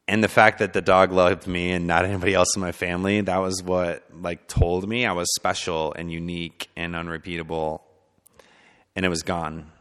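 A man telling a story from his childhood in a loose, conversational way, full of fillers, sometimes soft and sometimes emphatic. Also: low voice, clean tone. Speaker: speaker sharing personal testimony. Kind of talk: personal storytelling talk. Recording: long hall reverb.

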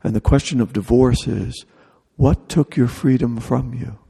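A man's voice: medium pitch, steady tone, unhurried, creaky, warm tone, breathy edge, big-room sound. A man preaching a sermon in a humorous, conversational way, acting out little dialogues.

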